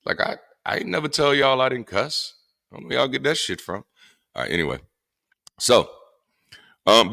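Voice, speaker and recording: Deep gravelly blunt man. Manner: blunt and profane, with animated emphasis. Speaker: former pastor turned atheist commentator. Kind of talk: casual monologue to camera.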